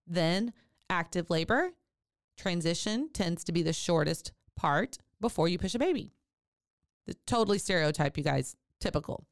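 A woman who educates about childbirth and writes about it, talking on a podcast in a lively way, addressing listeners directly and acting out laboring moms. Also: fairly low pitch, clear, resonant tone, no echo, studio quality. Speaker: birth educator and author. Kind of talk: podcast talk.

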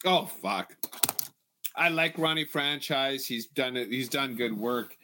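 A man's voice: mid-range voice, slow pace, bright, forceful tone, a little hiss or hum. A man co-hosting a podcast from Canada, talking sports in a loose, profane and laughing way. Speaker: podcast co-host. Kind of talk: casual sports banter.

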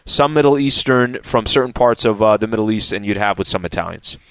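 A man from San Diego hosting a casual chat show, animated and playful, spinning jokes and asides as he talks. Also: lowish voice, a little fast, smooth, dry recording. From San Diego, California. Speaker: show host.

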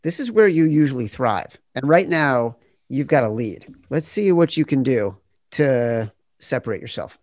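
Blunt, swearing podcast game host. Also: male voice, mid-range voice, lively intonation, normal speed, darkish tone, no room sound, clean studio sound. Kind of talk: hosting a podcast quiz game.

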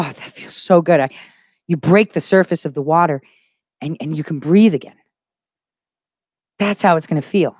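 A low-pitched woman hosts a relaxed livestream, pressing her points with conviction and repetition. The sound is clean studio audio without echo.

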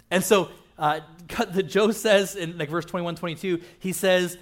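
A man's voice: high-pitched, fairly even intonation, moderate pace. A man preaching a conversational sermon as pastor, joking and often checking in with the crowd by asking "right?". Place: church auditorium.

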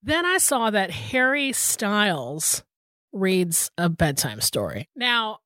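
A woman's voice: mid-range voice, very animated, slow pace, sharp tone, dry recording, studio quality. A woman in her thirties co-hosting a podcast, telling a story in casual chat with lots of "like" and some swearing. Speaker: podcast co-host.

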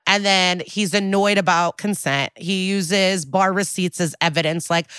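A woman co-hosting a podcast, recapping a TV episode in casual chat, animated and blunt, with laughs and asides. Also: lowish voice, a little slow, hardly any pauses, clean tone, no room sound. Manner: blunt and outspoken. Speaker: podcast co-host.

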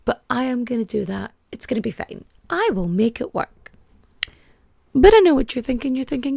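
A woman's voice: a little high, very animated, normal speed, gravelly, a little mellow, dry recording. A young woman hosting a podcast, rambling and chatty, packing her talk with "like". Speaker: podcast host. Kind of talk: casual podcast chat.

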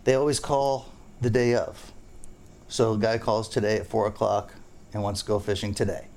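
A man's voice: lowish voice, little pitch movement, moderate pace, a little mellow, slight background noise. A man who is a fishing guide, hosting a casual podcast chat and rambling through jokes and stories. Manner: rambling, joking, storytelling.

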